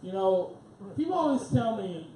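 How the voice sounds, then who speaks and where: A man's voice: high voice, sing-song, moderate pace, dark tone. A young man opening a crude, self-deprecating stand-up set. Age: young adult. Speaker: stand-up comedian. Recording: echoey club room with noise.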